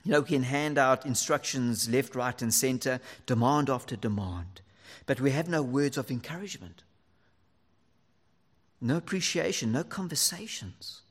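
A man preaching a sermon to fathers, earnest and lively, sometimes dropping almost to a whisper for emphasis. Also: mid-range voice, normal speed, in a large hall.

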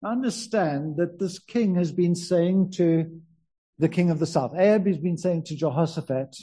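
Husky South African preacher. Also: male voice, fairly high pitch, normal speed, dark tone. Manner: conversational, varies emphasis, stretches key words. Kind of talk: sermon.

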